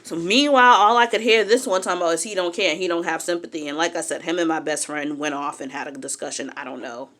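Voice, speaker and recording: With a lowish voice and a quick pace, a young woman barely pauses as she tells her own story. The telling is casual, frank and animated, with her acting out what others said.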